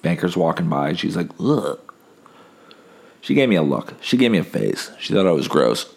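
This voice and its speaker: A man's voice: low voice, sing-song, brisk, creaky. A sick young man hosting a casual solo podcast, telling wry, rambling stories while holding back coughs. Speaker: podcast host.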